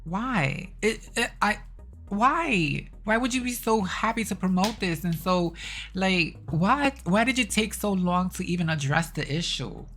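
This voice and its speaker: A woman's voice: mid-range voice, animated, measured pace, fairly bright tone, faint music behind. A young woman ranting to her vlog audience, exasperated and blunt, swearing and repeating herself. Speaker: vlogger. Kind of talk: casual rant to camera.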